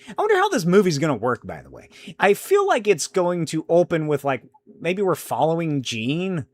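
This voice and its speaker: Young guy podcast host, rambly and swears a lot, voice a bit high and bounces all over. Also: normal speed, no echo. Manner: rambling, animated, swears casually, thinks aloud. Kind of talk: casual solo podcast talk answering chat.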